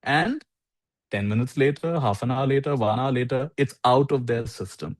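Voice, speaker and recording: Guy giving spiritual advice on a call, story-ish and blunt, dry sound, voice mid-pitched. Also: moderate pace, dry recording. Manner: gently direct, storytelling, acts out quoted speech. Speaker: spiritual teacher answering a caller. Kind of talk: live online Q&A, storytelling advice.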